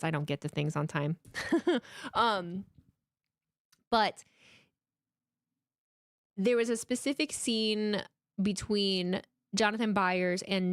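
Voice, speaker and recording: A woman in her thirties hosting a live watchalong stream, chatting casually from home in an animated, emotional way, swearing freely and restarting her sentences. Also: fairly low pitch, dry recording, studio quality. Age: 30s.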